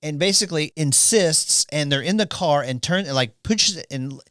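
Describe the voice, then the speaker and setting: Podcast co-host, male, lively storyteller who does the voices in his quotes, dry close mic. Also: a little high, moderate pace, no echo. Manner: animated, acts out quotes while telling stories. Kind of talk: casual storytelling chat.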